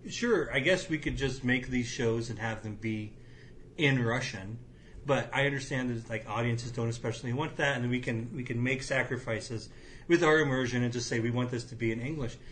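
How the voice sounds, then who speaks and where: A man's voice: medium pitch, normal speed, fairly bright tone, slight background noise. A man hosting a podcast, chatting casually and animatedly with lots of fillers. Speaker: podcast host.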